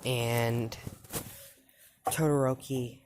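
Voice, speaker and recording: A woman's voice: very deep voice, steady tone, drawn-out words, background noise. A woman telling a fan story in a casual, rambling way, full of fillers and restarts.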